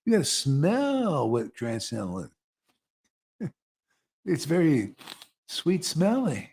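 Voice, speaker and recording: Lively, animated man teaching devotion. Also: on the high side, slow pace, vocal fry, breathy edge. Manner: animated, mocking quoted voices, chuckling. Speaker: spiritual teacher leading satsang. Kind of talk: informal devotional talk.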